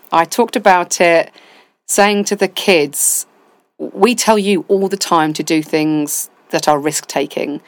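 Woman guest, low register, dry close sound, chatty storyteller acting out quotes. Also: dry recording. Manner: animated storytelling with quoted asides. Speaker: deputy head of school, interview guest. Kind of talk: casual interview chat.

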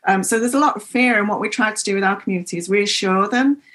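A woman's voice: mid-range voice, fast talker, fairly bright tone. A woman co-hosting a podcast, talking in a chatty and reassuring way. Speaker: podcast co-host. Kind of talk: conversational podcast interview.

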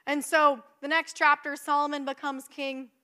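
A young woman preaching a sermon in a conversational, animated way, acting out her own thoughts. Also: sits high, moderate pace.

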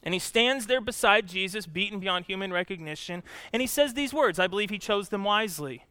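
A male pastor preaching a sermon, telling the story with drama and swinging from loud emphasis to hushed, somber lines. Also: high voice, animated, a little fast, dry recording.

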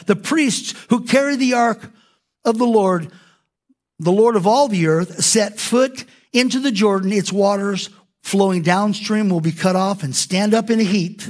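A man preaching a sermon as pastor, animated and acting out quoted prayers in different voices. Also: high voice.

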